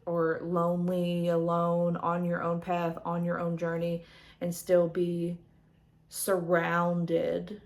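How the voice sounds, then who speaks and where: Lady showing off tarot cards, talks slow and kinda low, lots of ums. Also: monotone. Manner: rambling, soft-spoken, many fillers. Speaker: tarot vlogger. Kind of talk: casual chat showing tarot decks.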